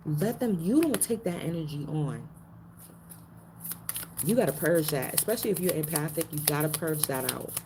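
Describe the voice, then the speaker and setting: A woman with a low voice gives a spiritual card reading in a loose, slangy way, repeating lines as she goes and jumping up in pitch for emphasis. Steady background noise runs beneath her voice. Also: normal speed. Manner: slangy, repeats phrases, animated pitch jumps. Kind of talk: casual card-reading livestream.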